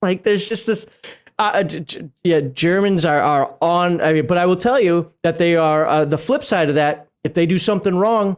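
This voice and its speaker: A man's voice: on the high side, normal speed. A man co-hosting a tabletop game livestream, reading rulebook passages aloud and breaking into chatty, laughing asides. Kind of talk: casual chat while reading a rulebook aloud.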